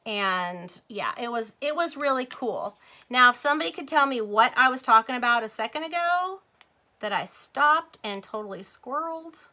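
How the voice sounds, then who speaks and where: A woman's voice: a little high, lively intonation, normal speed, bright, forceful tone. A middle-aged woman chatting casually with livestream viewers while she crafts, rambling, laughing and drifting off topic. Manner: talks to viewers as "you guys" and "y'all".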